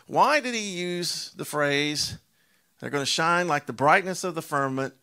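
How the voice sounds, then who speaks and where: A man preaching with a sharp, somewhat high voice. He leans hard on key words and stretches them out, firing rhetorical questions at his listeners. His delivery is animated and emphatic throughout. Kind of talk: sermon.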